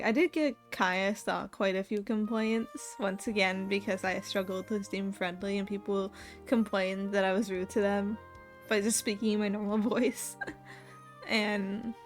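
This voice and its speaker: A young woman streamer chatting casually, telling a work story with frequent laughs and lively impressions of the people in it. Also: medium pitch. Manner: laughs often while telling a story, animated quoting of others. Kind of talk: casual chat.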